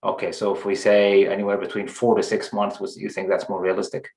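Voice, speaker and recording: A man representing an applicant, asking a planning board about process in a halting way and repeating words as he talks over a video call. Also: lowish voice, level tone, creaky, darkish tone, reverberant. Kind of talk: public meeting discussion.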